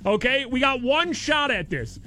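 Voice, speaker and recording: Higher-voiced radio host guy, jokey and hyped, faint music behind. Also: normal speed. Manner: joking, excitable, reads listener tweets. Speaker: radio morning show host. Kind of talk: casual radio banter.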